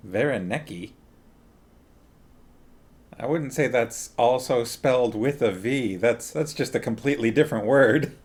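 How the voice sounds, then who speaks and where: A man's voice: medium pitch, measured pace, pauses often. A man chatting casually on a live stream, greeting viewers one by one and talking playfully to his dog at home.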